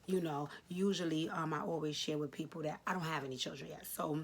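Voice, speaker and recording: Low husky-voiced woman in her late thirties. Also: steady tone, brisk. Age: late 30s. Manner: earnest, emotional, repeats key phrases for emphasis; speaks directly to viewers, informal. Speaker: advice vlogger answering a letter. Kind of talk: heartfelt advice talk to camera.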